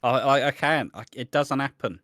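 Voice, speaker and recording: A man, co-hosting a casual podcast and telling stories in an animated, sweary way. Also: medium pitch, normal speed, no echo, clean studio sound. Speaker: podcast co-host.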